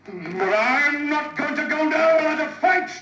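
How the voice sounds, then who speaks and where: Billy Bones, an old pirate captain. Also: male voice, extremely high pitch, animated, measured pace, sharp tone, lo-fi sound, slight background noise, heavily acted. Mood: fearful. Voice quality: blustery pirate bluster. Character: old drunken sea captain, gruff and frightened. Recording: echoey vintage vinyl recording, a bit distant.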